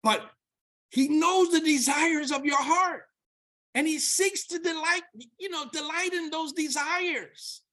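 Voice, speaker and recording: A woman preaching a sermon and reading scripture aloud, emphatic, repeating key words and rising to near-shouts. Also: high voice, slow pace.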